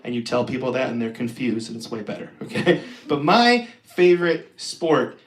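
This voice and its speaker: A man's voice: mid-range voice, very animated, normal speed. A man in his twenties doing a self-deprecating stand-up set with a conversational delivery, laughing between jokes. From Pacific Northwest of the US. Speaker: stand-up comedian. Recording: roomy live stream audio.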